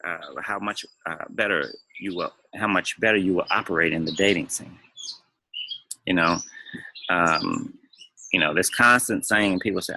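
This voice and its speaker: A man's voice: fairly low pitch, vocal fry, pushed and bright, dry recording, rough recording. A man talking as a dating coach, giving emphatic advice and repeating phrases to drive points home. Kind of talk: advice monologue to camera.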